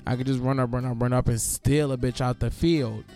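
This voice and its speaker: A man voicing a brash male underworld god who talks in crude street slang, a bit lower than his own voice. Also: steady tone, fairly quick, warm tone, faint music behind, natural voice. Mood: scheming.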